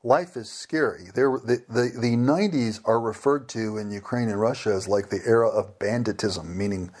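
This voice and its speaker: A middle-aged man, a former missionary, telling stories in an interview in a lively way and acting out the people he quotes. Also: lowish voice, moderate pace, husky. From United States. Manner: animated, acts out quoted voices. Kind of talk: conversational interview storytelling.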